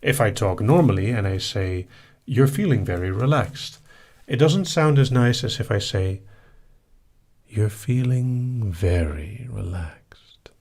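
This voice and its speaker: A man hosting a live session, reading listener questions aloud and answering them in a relaxed, casual way. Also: lowish voice, moderate pace. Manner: relaxed, reads out questions then answers briefly.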